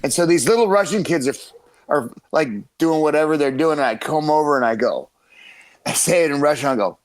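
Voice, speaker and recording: A middle-aged man, a jiu-jitsu coach, telling stories on a podcast in a profane, animated way with frequent laughter. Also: fairly high pitch, a little fast, rough recording. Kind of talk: casual podcast storytelling.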